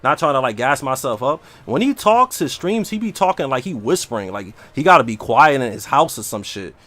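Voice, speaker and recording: Brash, slangy, and animated, a male livestreamer chats casually while he streams a game. His voice is mid-range and his pace a little fast.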